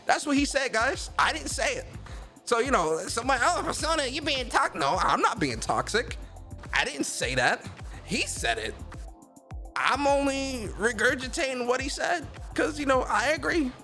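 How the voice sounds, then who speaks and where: A man hosting a casual gaming news livestream, talking in a slangy, animated way and reading out chat comments. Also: extremely high pitch, normal speed, faint music behind. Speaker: host of a gaming news stream.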